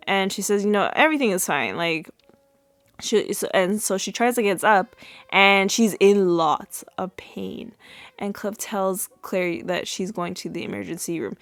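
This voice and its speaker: A woman's voice: mid-range voice, unhurried, a bit bright, dry recording. A young woman podcast host recapping a sitcom episode in a chatty way, full of fillers and restarts. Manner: chatty, many fillers and restarts, laughs at own retelling.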